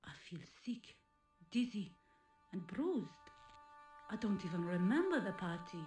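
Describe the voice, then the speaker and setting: A woman's voice: medium pitch, sing-song, measured pace, darkish tone, soft background music. An actress with a heavy, theatrical French accent voicing a hungover, dazed young woman in a 1990s point-and-click game, with blunt, sardonic remarks. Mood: groggy. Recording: echoey, roomy game sampling.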